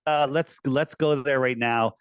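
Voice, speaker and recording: Man, mid pitch, insistent and animated, dry close sound. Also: a little slow, smooth, no room sound. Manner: animated, insistent, uses mocking put-on quotes. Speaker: guest. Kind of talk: casual conversation.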